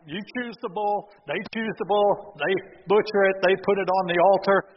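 Male preacher, high-pitched, animated storyteller, slightly muffled sound with faint noise. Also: moderate pace, in a large hall. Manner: storytelling with sarcastic asides. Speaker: pastor. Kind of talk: sermon. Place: church sanctuary.

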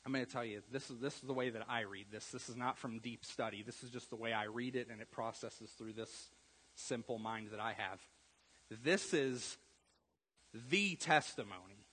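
Guy preaching casual sermon, bright kinda husky voice, goes quiet then loud, big echoey hall. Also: medium pitch. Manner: conversational, repeats words, swings from quiet to loud. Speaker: pastor. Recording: long reverb of a church hall.

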